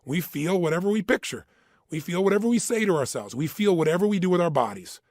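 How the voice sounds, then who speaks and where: A motivational speaker gives an emphatic talk, acting out the voices inside people's heads. He talks fast in a high, expressive, slightly mellow voice, recorded dry with clean studio sound.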